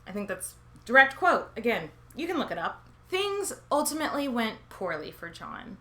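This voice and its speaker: Bright, lively sarcastic woman host. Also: fairly high pitch, moderate pace, few pauses. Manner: sarcastic, swearing, dramatic asides and silly quoted voices. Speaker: podcast host. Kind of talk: scripted comedic history monologue.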